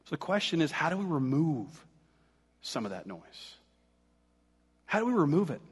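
A man's voice: fairly high pitch, very animated, normal speed, breathy edge, in a large hall. A man preaching a sermon as pastor, talking in a casual, conversational way and joking with the congregation.

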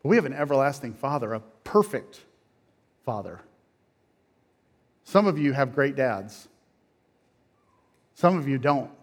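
A middle-aged man, a pastor, preaching a sermon that swings from quiet, low phrases to loud, emphatic peaks. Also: expressive, measured pace, pauses often.

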